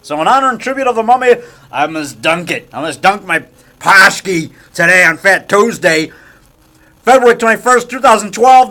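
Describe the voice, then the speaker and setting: Here a high-pitched man with a fairly bright tone, a horror movie maker and actor from around Chicago, vlogs casually from a small framing shop. He wanders from point to point, talks himself up, and repeats himself in showman fashion.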